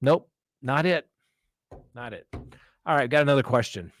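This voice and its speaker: A man hosts a live true-crime stream, talking like a defense attorney in an emphatic rant and mocking people with quoted voices. His voice is mid-range and his pace is measured.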